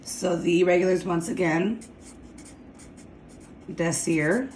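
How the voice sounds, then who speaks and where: Female teacher, low-pitched, unhurried, checks in with "okay?", echoey room. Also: a little hiss or hum. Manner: slow, deliberate, repeats "okay?" to check understanding. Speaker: Spanish teacher. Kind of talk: classroom grammar lesson.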